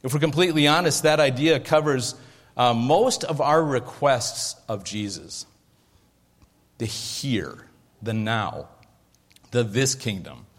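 A man preaching a sermon as pastor, in a lively, conversational way with jokes and asides. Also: mid-range voice, slow, pauses often. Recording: echoey hall with long reverb.

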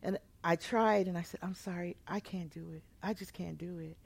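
A woman pastor telling a personal testimony in a sermon, moving between quiet, hushed storytelling and loud, emotional outbursts. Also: lowish voice, steady tone, normal speed, vocal fry, husky, no echo.

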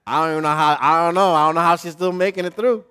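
An older man preaches a sermon in a loose, conversational style, with a voice sitting a touch higher than most men's. He moves between soft, reflective asides and loud, emphatic passages. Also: fairly even intonation, fast, smooth. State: emotional and choked up at times. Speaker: pastor.

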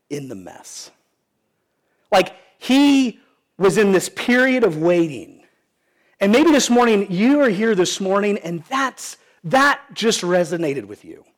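A man's voice: high voice, sing-song, slow pace. A pastor preaching a sermon in an earnest, pleading way, asking the congregation questions and often restarting his sentences.

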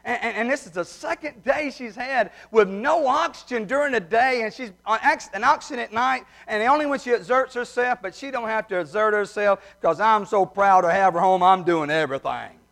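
High-voiced preacher. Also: male voice, brisk, hardly any pauses, a bit bright. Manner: folksy, heartfelt storytelling. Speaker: pastor. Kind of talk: sermon with humorous story.

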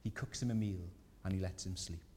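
Speaking fairly quickly, this preacher keeps his mellow, mid-range voice earnest and gentle, lifting into rising emphasis as he goes. A big church hall carries his sermon with lingering reverb, and a soft low rumble runs beneath it.

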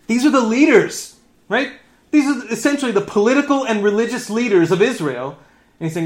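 A man in his thirties, a pastor giving a lively sermon, laughing often and dropping into sarcasm. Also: very high-pitched, fairly quick.

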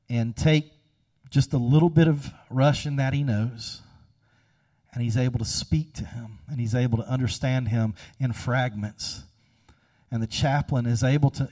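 A man preaching a sermon, telling a story and swinging between hushed, slow passages and loud, emphatic ones. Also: mid-range voice, recorded from a distance. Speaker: pastor.

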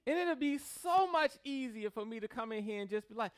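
A man's voice: very high-pitched, animated, fairly quick, few pauses, clean tone. A man preaching a sermon as pastor, joking with the congregation and mimicking people in a loose, conversational way.

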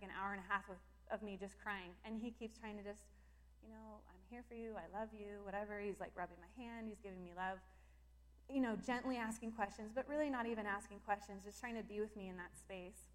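A woman's voice: mid-range voice, fast. A woman telling a personal faith story in a casual, emotional way, with lots of filler words. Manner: emotional and animated, lots of "like" fillers, breaks into laughter. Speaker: Christian speaker sharing personal testimony.

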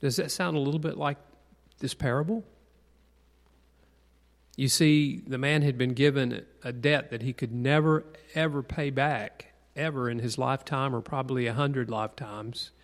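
Leading a Bible class like a conversational sermon, a man quizzes the group and repeats key points to stress them. He speaks in a mid-range voice with fairly even intonation at normal speed, and the recording carries long hall reverb.

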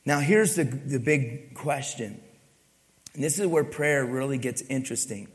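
This pastor preaches at a medium pitch and a slightly slow pace, asking his congregation questions and pressing points with emphasis. The sermon is recorded in a church with long hall reverb.

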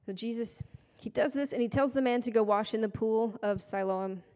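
A woman's voice: on the high side, normal speed, a little mellow. A woman giving a casual, conversational sermon with playful, self-deprecating asides. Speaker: preacher. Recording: long hall reverb.

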